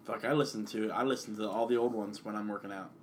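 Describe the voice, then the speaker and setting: A man with a low voice jumps into the conversation with crude, excitable jokes, now and then getting loud. Faint noise sits behind him. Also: fast talker. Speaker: podcast co-host. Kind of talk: casual chat.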